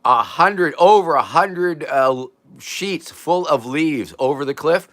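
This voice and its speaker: An older man hosting a casual livestream, rambling and chuckling as he reads out viewer comments, his voice drifting from loud to quiet. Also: fairly high pitch, expressive, slow. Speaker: livestream host.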